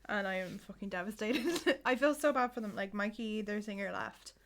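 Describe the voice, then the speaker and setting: A woman co-hosting a podcast in a loose, rambling chat, with many "like"s and "um"s. Her voice has plenty of vocal fry and a gravelly edge, at a middle pitch. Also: moderate pace, a bit bright. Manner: rambling, full of "like" and "um". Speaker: podcast co-host. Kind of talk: casual chat.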